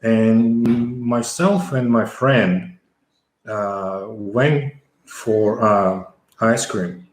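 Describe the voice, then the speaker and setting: A man's voice: fairly low pitch, fairly even intonation, extremely slow. A middle-aged man from the former Soviet Union, telling a long story as an interview guest, with many fillers and restarts. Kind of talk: conversational storytelling. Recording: echoey room.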